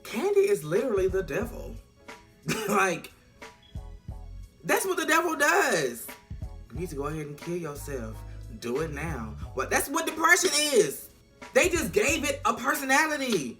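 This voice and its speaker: A woman recaps a TV episode in a sassy, slang-heavy vlog style. Her voice is bright and lively, swinging widely in pitch as she tells the story with plenty of attitude. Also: unhurried, pauses often, faint music behind. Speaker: TV episode reviewer.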